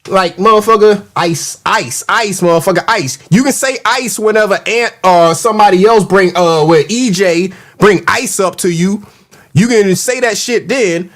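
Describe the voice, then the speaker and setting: A man's voice: high voice, moderate pace, a bit bright. A man hosting a casual livestream, ranting in a mocking, profane, heated way and reacting to the live chat. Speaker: show host.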